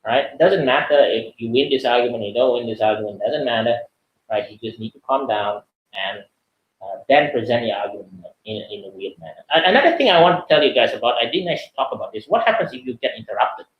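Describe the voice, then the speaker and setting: A man talks through a webinar in a loose, chatty way, tossing in "right?" and "you know" as he goes. His voice sits at an ordinary middle pitch. The room around him rings with a noticeable echo. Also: lively intonation, fast talker, highs cut off, a little hiss or hum. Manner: chatty, many fillers and "right?" tags. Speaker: webinar speaker. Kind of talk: casual lecture answering questions.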